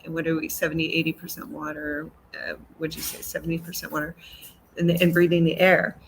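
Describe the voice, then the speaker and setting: A woman's voice: low voice, flat delivery, a little fast, a little hiss or hum, poor audio. Fervent heartfelt woman in a talk-show chat. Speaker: co-host. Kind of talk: spiritual talk-show conversation.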